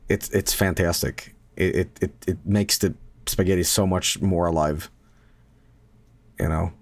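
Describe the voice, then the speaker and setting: A deep-voiced man from Sweden chats loosely with his stream viewers. He rambles, jokes and swears freely, filling gaps with ums and likes. The sound is close and dry, with no room echo. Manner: rambling, joking, profane, with filler words. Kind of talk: casual chat to stream viewers.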